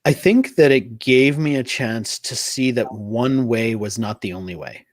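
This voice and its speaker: A middle-aged man, a podcast guest telling stories in a loose, animated way, leaning on "like" and "I mean". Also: medium pitch, a little slow, no room sound. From United States. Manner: animated storytelling, frequent "like" and "I mean". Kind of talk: conversational interview.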